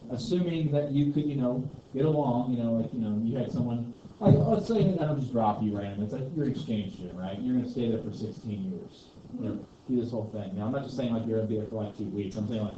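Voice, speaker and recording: A man teaching a history class in a loose, rambling way, full of asides and fillers. He is picked up from across an echoey room, and the recording sounds dull and muffled with steady background noise. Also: mid-range voice, quick pace, recorded from a distance. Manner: chatty, rambling, heavy on "you know" and "like". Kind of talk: classroom lecture with discussion. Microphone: distant room mic.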